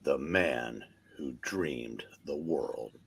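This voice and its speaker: Gravelly man narrating comic credits. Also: rumbling low, fairly bright tone. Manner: slow, deliberate narration. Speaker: narrator in a reading group. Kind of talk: comic book read-aloud.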